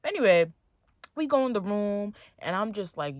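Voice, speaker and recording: A young woman telling a personal story in casual, slangy storytime style, acting out what people said with sudden jumps in pitch. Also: normal speed, dry recording, lo-fi sound. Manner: animated, slangy, acts out dialogue with big pitch jumps. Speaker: storytime vlogger.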